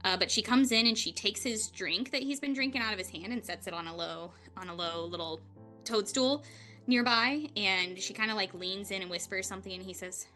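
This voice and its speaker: A woman running a tabletop game as game master, narrating in a chatty, relaxed way with many fillers. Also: mid-range voice, fairly quick, soft background music.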